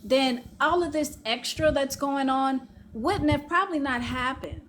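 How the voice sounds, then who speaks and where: High-voiced woman on a live stream, kinda hesitant, faint noise behind. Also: unhurried, fairly bright tone. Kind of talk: livestream panel talk.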